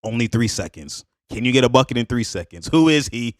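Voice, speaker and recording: A man reacting to basketball highlights in a hyped, slangy way, laughing often and repeating catchphrases. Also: lively intonation, fairly quick, no room sound, studio quality. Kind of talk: excited casual highlight reaction.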